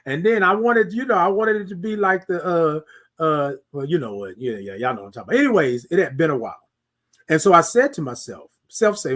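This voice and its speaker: Male podcast host, high voice, animated sermon-like chat with the audience. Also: fairly quick. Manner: animated, preachy, asks listeners "y'all feel me". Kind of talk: casual monologue.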